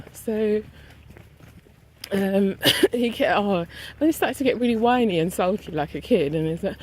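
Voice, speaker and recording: A woman's voice: medium pitch, expressive, fairly quick, a little mellow, poor audio. A woman casually recounting a story to camera, animatedly acting out both sides of an argument. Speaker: vlogger.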